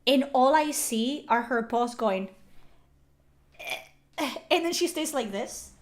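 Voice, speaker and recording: Young woman, livestream chat, slightly high pitch, animated, swears a lot, filler-heavy. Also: unhurried. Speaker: streamer.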